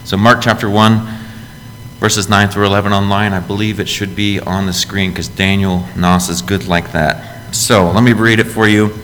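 A man preaching a sermon as pastor, in a conversational style that lifts into emphatic, louder phrases. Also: little pitch movement, moderate pace. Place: church sanctuary. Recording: long reverb in a church hall, faint rumble.

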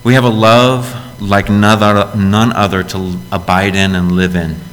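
A man with a lowish voice preaches a sermon in a church, earnest and direct, often asking his listeners questions. His words ring out with a long reverb, over a faint low rumble. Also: level tone, a little slow, fairly bright tone. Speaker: pastor.

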